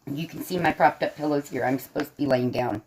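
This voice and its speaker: A chatty woman with a faint Southern American lilt hosts a casual livestream from her bed, coloring as she talks. Her voice sits fairly low and she laughs easily while answering the chat. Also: slight background noise. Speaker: livestream host and artist. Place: bedroom, propped up in bed.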